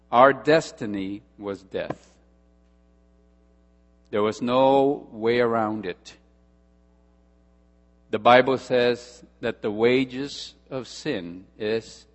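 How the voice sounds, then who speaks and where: A male pastor preaching a sermon, emphatic, with dramatic pauses and repetition, in a church hall. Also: medium pitch. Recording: long hall reverb with mains hum.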